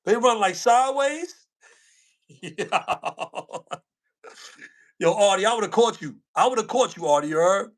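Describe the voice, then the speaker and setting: A man's voice: high-pitched, lively intonation, takes it slowly, long pauses. A man co-hosting a casual livestream chat, slangy, repeating himself and laughing often. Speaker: co-host.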